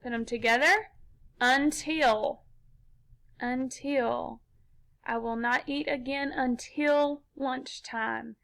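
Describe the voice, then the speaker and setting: A woman leads a children's phonics lesson in a high voice. She talks at an unhurried pace and sounds bright and clear. She explains each step with patience. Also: fairly even intonation, low-quality recording. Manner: slow, patient, step-by-step instruction. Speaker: teacher.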